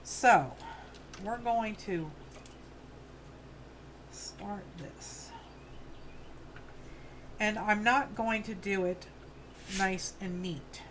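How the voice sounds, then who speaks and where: A woman's voice: medium pitch, drawn-out words, long pauses, slight background noise. A woman in her fifties with a New York accent, hosting a craft livestream and chatting casually with viewers while she works. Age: 50s. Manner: chatty, rambling, friendly asides to viewers. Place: home studio on a farm.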